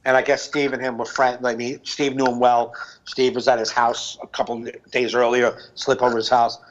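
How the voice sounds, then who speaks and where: A man's voice: medium pitch, flat delivery, moderate pace, lo-fi sound, slight background noise. A man co-hosting a comedy podcast, telling loose stories in casual chat and laughing often.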